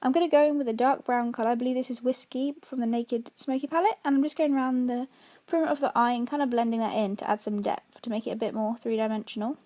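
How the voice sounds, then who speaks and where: A woman talks through her makeup tutorial in a quick, chatty voice-over. Her voice sits high and she moves along fast, explaining every step. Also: steady tone, warm tone. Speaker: makeup artist.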